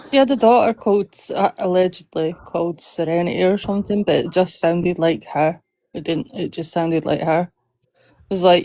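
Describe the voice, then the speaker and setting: A woman's voice: on the low side, measured pace, long pauses, mellow, no echo. A woman hosting a livestream, telling stories with lots of giggling. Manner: giggly storytelling. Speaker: livestream host. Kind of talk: casual chat.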